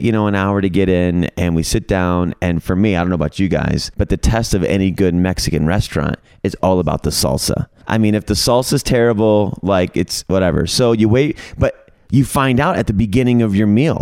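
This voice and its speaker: Low-voiced man telling funny stories. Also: brisk, clear, resonant tone, dry recording. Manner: animated storyteller, quotes himself and others; humorous, coins playful words. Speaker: podcast guest. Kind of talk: storytelling in a casual group chat.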